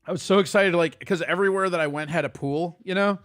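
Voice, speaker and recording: Fast ranting profane male streamer. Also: sits high, a bit bright, no echo, studio quality, faint music behind. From Italian heritage. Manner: fast, profane, heated rants at chat. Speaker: streamer host. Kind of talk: casual livestream chat.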